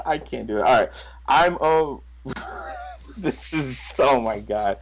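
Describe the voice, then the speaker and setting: Man, podcast co-host, slow unhurried delivery, halting, giggly, reading a parody song aloud. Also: medium pitch, animated, poor audio. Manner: halting, giggly, self-conscious.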